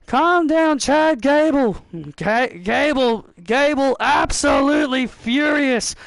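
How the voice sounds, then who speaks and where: A man giving excitable play-by-play commentary over a wrestling video game, often shouting the calls. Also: extremely high pitch, dry recording.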